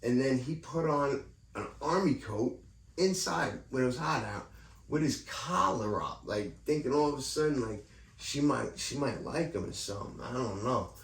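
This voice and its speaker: A man's voice: mid-range voice, lively intonation, moderate pace, vocal fry. A man vlogging a rambling, profane rant about his neighbor and his housing program. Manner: profane, heated, digressive. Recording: echoey room, distant mic, faint ambience.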